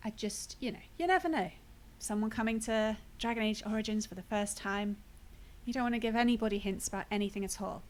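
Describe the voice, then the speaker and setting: A woman's voice: medium pitch, a little fast. Woman live-playing a game, chatty and wry, easygoing commentary. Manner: chatty, wry, self-deprecating asides. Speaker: streamer. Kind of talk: casual gameplay commentary.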